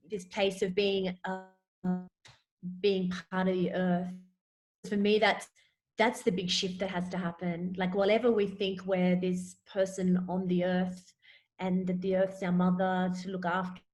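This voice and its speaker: Woman guest, mid pitch; halting, searching delivery with frequent repeated words. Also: flat delivery, a little mellow. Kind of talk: reflective spiritual conversation.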